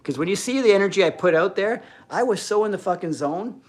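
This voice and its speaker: Profane, fired-up man ranting live. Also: a little fast. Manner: profane, animated, swings between loud and low-key. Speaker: fitness YouTuber on a livestream. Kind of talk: ranting motivational live chat.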